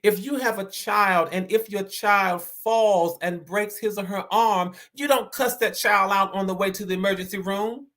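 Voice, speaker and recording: A man with a Southern accent and a high voice speaks to his live-stream audience as host. He is earnest and repeats each main point slowly so that it sinks in. Now and then he reads out and thanks comments from the chat. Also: a bit bright. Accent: Southern American. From American South. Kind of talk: motivational live-stream talk.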